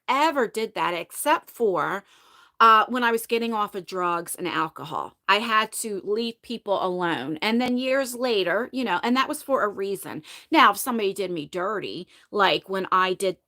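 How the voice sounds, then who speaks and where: Bright-voiced chatty woman vlogger. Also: on the high side. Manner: chatty, emphatic, frequent "you know what I mean". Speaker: beauty vlogger. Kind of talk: casual chat to a live audience.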